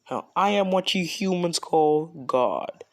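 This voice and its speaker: A man voicing a male god who explains things calmly and patiently. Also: fairly high pitch, slow, creaky, pitched above the performer's own voice, full character voice. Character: male god, calm and in charge.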